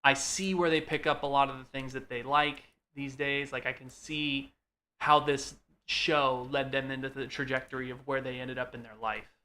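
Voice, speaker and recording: A man co-hosting a live stream, chatting about shows in a loose, filler-heavy way. His voice is bright and forward, with an ordinary middle pitch. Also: little pitch movement, normal speed. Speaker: co-host. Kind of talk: casual chat.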